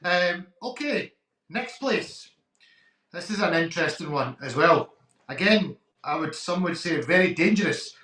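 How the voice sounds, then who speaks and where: High, bright-voiced Scottish host. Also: male voice, animated, unhurried, roomy sound, poor audio. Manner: enthusiastic, affirming, hesitant fillers. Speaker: podcast host. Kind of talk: interview conversation.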